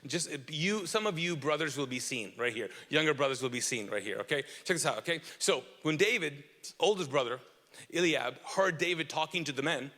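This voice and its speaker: A man's voice: fairly high pitch, expressive, fairly quick, bright, forceful tone, long reverb tail. A man preaching a sermon as pastor, emphatic and repetitive, asking the audience questions.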